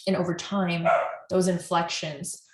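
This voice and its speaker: A woman's voice: on the low side, flat delivery, unhurried, echoey room. A woman couples therapist earnestly explaining at length to camera, often restarting her sentences.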